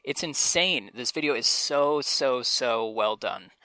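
A man's voice: medium pitch, expressive, slow, pushed and bright, dry recording. A man co-hosting a podcast, chatting enthusiastically and reading out quotes with playful voices. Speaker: podcast co-host. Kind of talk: casual chat.

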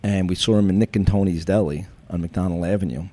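A retired police chief telling wry, deadpan stories from his career in an interview. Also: deep voice, quick pace. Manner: wry, deadpan anecdotes with cop jargon. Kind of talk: storytelling in a podcast interview.

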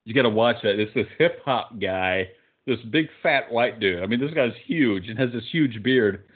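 A man's voice: fairly low pitch, lively intonation, moderate pace, breathy edge. A man co-hosting a podcast, eagerly recommending things in casual banter. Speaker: podcast co-host. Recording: tinny phone-like sound.

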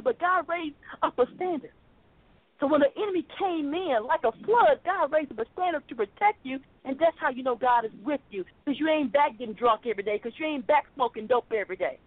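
A woman's voice: high-pitched, dry recording. A woman preaching a sermon over a phone call, fervent and rhythmic, repeating her phrases. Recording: tinny phone line.

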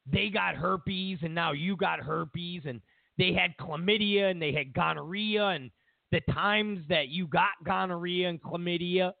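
A man's voice: high-pitched, vocal fry, dry recording. A man hosting a political talk show, delivering an emphatic, opinionated monologue full of sarcastic hypotheticals. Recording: tinny phone-like audio.

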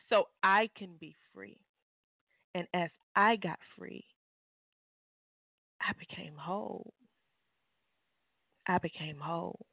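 A woman, an author and guest, giving fervent, preachy testimony on a call-in show, leaping into high exclamations. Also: takes it slowly, pauses often, no echo. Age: adult mother. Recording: tinny phone line.

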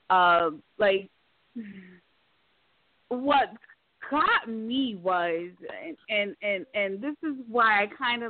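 Woman co-host, halting storyteller, tinny dry recording. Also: medium pitch, no room sound. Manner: halting, filler-heavy storytelling. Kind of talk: casual chat. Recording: tinny phone-like sound.

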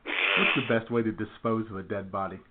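A man's voice: fairly low pitch, steady tone, fairly quick, heavy background noise. A man hosting a casual talk radio show, firing off upbeat quiz questions and laughing easily. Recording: tinny phone-like sound.

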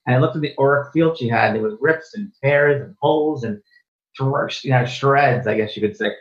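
A man's voice: medium pitch, brisk. A man being interviewed as a spiritual medium and teacher, talking earnestly and often repeating or restarting his phrases. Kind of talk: casual interview chat. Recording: dull, lo-fi sound.

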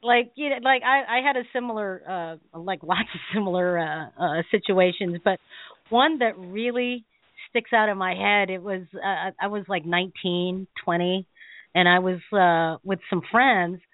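A woman's voice: mid-range voice, normal speed, no room sound. Chatty woman on a thin radio line. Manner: animated, laughing storyteller full of fillers. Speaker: radio show co-host. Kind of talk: casual storytelling chat. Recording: dry, phone-like thin sound.

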